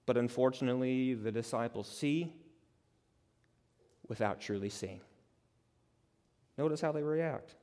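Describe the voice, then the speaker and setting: A man preaching an expository sermon, conversational and dramatic, building to loud emphatic peaks. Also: mid-range voice, measured pace, pauses often. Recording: long reverb of a large hall.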